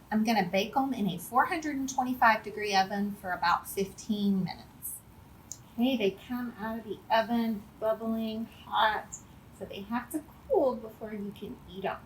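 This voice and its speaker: A woman running a kids' cooking lesson and reading a children's story aloud with an expressive storyteller's delivery. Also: fairly high pitch, normal speed, a little hiss or hum. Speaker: cooking and reading teacher for kids.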